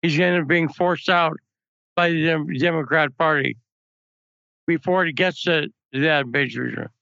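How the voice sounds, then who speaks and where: Chatty guy hosting a talk show, high bright voice, dry dull-sounding audio. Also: moderate pace, vocal fry, no echo. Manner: chatty, storytelling asides. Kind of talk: casual political talk.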